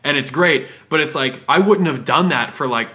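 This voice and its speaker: A man's voice: a little high, normal speed, bright, forceful tone. A man in casual conversation, talking in a rambling way with lots of fillers and acting out other people's lines. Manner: rambling, filler-heavy, acts out customer voices. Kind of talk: casual chat.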